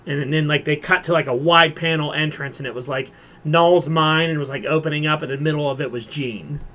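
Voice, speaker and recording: A man co-hosting a casual pop culture podcast, his voice sitting a little above the usual male range. He retells stories in an animated way, dropping in quick quoted voices and filling his sentences with "like". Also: a little high. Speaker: podcast co-host. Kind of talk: casual chat.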